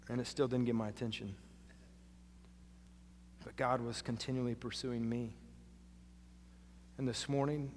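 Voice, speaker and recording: A man preaching a sermon as pastor, dropping to hushed lines and rising to loud, emphatic ones. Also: medium pitch, a little hiss or hum. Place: church sanctuary. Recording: long hall reverb.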